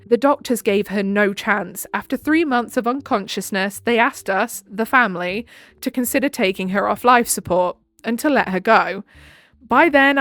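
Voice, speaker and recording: A woman's voice: a little high, a bit bright, no echo. A woman reading online posts aloud as the host, breaking off for chatty comments and laughs. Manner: chatty, laughs between reactions. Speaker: story reader and host.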